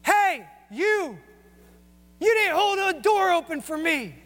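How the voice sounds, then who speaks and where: A man voicing an angry woman who shouts accusations in a library, as an acted quote in a sermon with long hall reverb. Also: very high voice, very animated, slow pace, pitched above the performer's own voice, heavily acted. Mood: furious.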